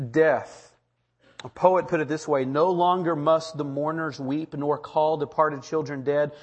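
A man preaching a sermon, building to emphatic rhetorical questions. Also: a little high. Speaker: pastor.

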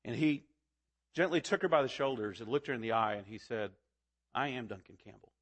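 A man's voice: medium pitch, lively intonation, brisk. A man preaching a sermon as pastor, earnest and building to fervent emphasis.

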